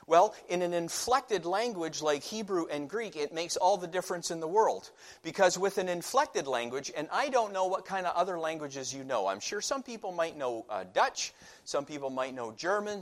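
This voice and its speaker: A man delivering a sermon in a slightly raised pitch. He preaches emphatically, driving home key words loudly before sinking into hushed passages. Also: sing-song, normal speed. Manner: emphatic, swings between loud stresses and hushed passages.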